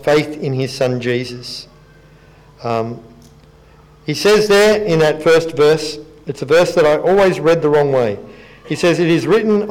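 A man with a fairly high speaking voice delivers a sermon. He keeps it conversational and pokes fun at himself, then slows into reading scripture aloud to the congregation. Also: low-quality recording. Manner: conversational and self-deprecating, reads scripture aloud. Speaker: preacher.

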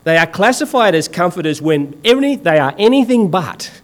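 Aussie guy preaching, slightly high voice, swings up and down a lot, punchy and sarcastic. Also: sing-song, moderate pace. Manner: emphatic, sarcastic, colloquial. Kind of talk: sermon.

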